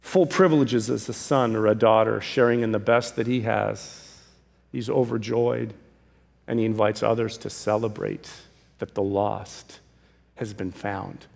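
Gravelly-voiced man preaching in a hall. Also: lowish voice, fairly even intonation, unhurried. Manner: emphatic, swinging from loud calls to hushed pleas. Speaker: pastor. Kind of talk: sermon. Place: church sanctuary. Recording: long reverb of a large hall.

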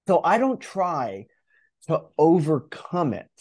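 A man who coaches and speaks in public, telling a story as an interview guest, animated and acting out his inner voice, with many restarts. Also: on the high side, takes it slowly. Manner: animated, acts out inner dialogue.

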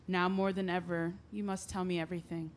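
An actress playing a woman who gently and directly asks a friend how he is. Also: lowish voice, level tone, brisk, a little hiss or hum, lightly acted. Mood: concerned. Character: caring woman neighbor. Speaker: Lia, the neighbor. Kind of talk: audio drama acting.

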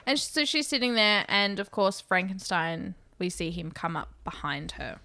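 Woman cohost recapping a movie, lots of ums, dead dry sound, mid pitch. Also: very animated, normal speed, sharp tone, dry recording. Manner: hesitant, lots of ums, matter-of-fact. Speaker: podcast co-host. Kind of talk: casual movie recap chat.

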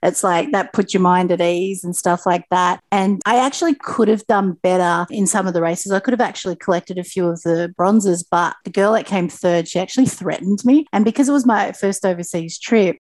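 A woman in her late forties with an Australian accent, a guest in an interview, telling her stories in a chatty, animated way. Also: on the low side, normal speed, few pauses, no room sound. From Sydney, Australia. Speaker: interview guest, Paralympic athlete. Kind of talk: casual interview storytelling.

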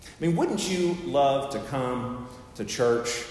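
Folksy pastor in an echoey sanctuary. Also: male voice, medium pitch, animated, slow, a little mellow. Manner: folksy, joking, conversational preaching. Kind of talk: sermon. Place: church sanctuary. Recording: very echoey hall with long reverb.

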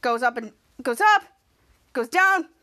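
A woman with a very high voice retells a TV episode as a podcast host, in a loose, rambling way. She stumbles and restarts often as she walks through each scene. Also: expressive, a little slow, sharp tone. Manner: rambling retelling with acted quotes and many restarts. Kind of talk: casual episode recap.

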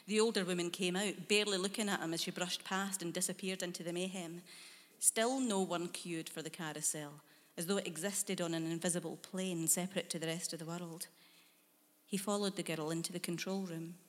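A woman narrating a dark short story in a measured, hushed storytelling manner. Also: fairly low pitch, fairly even intonation, long reverb tail.

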